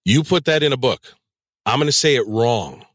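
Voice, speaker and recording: A man's voice: medium pitch, normal speed, dry recording, clean studio sound. A man hosting a crude, casual podcast chat, swearing and laughing often. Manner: profane, laughs often, animated. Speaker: podcast host and audiobook narrator.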